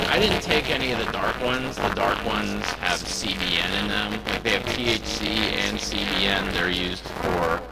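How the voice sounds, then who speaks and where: A man's voice: on the low side, creaky, very noisy. A hungover male comedian rambling sarcastically about his night and laughing at himself. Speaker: comedian vlogger. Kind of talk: casual rambling vlog monologue.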